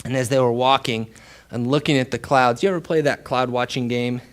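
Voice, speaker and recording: A male pastor preaching a sermon with dramatic storytelling, dropping to a hush and then rising loud for emphasis. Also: mid-range voice, fairly even intonation, brisk. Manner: dramatic storytelling, swings between hushed and loud.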